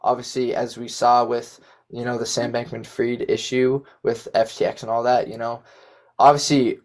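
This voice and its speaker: A man's voice: medium pitch, level tone, normal speed. Rambling young man co-hosting a podcast. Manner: rambling, lots of fillers. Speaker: podcast co-host. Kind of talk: casual chat.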